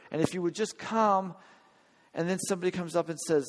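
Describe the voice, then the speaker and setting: A man's voice: fairly high pitch, moderate pace. A man preaching a sermon in an earnest, conversational way, often checking in with his listeners. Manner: earnest, conversational, questions the audience. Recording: long hall reverb, church hall.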